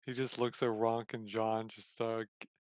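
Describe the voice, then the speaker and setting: A man's voice: on the low side, flat delivery, normal speed, no echo, highs cut off. Laid-back man on a dry close mic. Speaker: player. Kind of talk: casual tabletop play.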